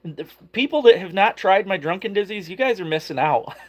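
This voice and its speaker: Casting note: tired man, fishing stream host, slightly high voice, loose and chatty. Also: animated, fairly quick. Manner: tired, greets viewers by name, laughs often. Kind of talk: casual live stream chat.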